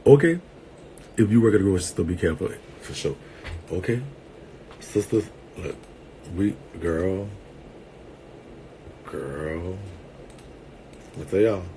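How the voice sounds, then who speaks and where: A playful, sassy man chats to his viewers, laughing through his words and calling them girl and sweetheart. His voice sits a little low, and he swings from loud bursts to quiet asides. A faint noise runs behind him. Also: animated, a little slow, pauses often. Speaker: vlogger and entertainer. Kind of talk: casual talk to viewers.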